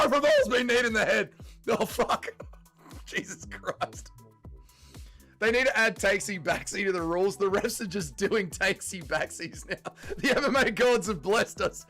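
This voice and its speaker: A young man hosting a fight watch-along stream, chatting loosely and swearing freely, sometimes yelling. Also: sits high. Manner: swings from yelling and swearing to laid-back chat. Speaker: livestream host. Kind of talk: casual live fight watch-along chat.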